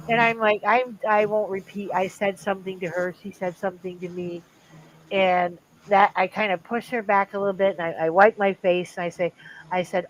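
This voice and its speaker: Older woman telling a lively family story. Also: medium pitch, fairly quick, slight background noise, low-quality recording. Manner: animated, acts out quoted voices. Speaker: livestream host. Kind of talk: casual storytelling.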